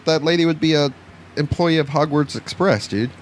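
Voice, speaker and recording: A man's voice: a little high, normal speed, slight background noise. A man co-hosting a podcast who cracks jokes and keeps calling the others bro and dude in casual banter. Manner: jokey, calls everyone bro and dude. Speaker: podcast co-host.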